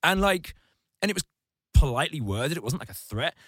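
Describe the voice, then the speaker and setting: A man's voice: a little high, sing-song, brisk, a bit bright, husky, no echo. A man in casual comedic podcast chat, ranting sardonically with crude, vivid insults.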